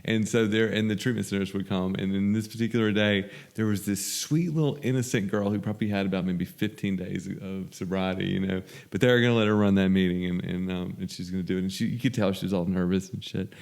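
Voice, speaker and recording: A man, a podcast guest, telling animated, profane anecdotes in casual conversation. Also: low voice, fast, gravelly, hardly any pauses. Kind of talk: casual storytelling.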